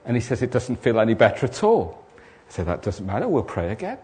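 A man's voice: mid-range voice, huge pitch swings, fast, warm tone. A man preaching to a congregation. He tells his story by playing out the back-and-forth of a conversation, then builds into emphatic, urgent exhortation. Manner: acts out both sides of conversations, rising to emphatic exhortation. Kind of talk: sermon with storytelling.

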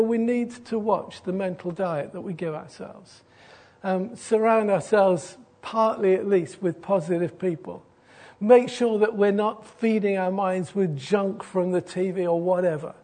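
A middle-aged man, a pastor preaching an earnest sermon that softens into a quiet, gentle invitation. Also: high voice, a little slow.

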